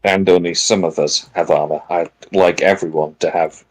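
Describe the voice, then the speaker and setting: A man's voice: deep voice, steady tone, normal speed, rough recording. A man playing in a tabletop game, chatting casually with dry, joking banter. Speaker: player.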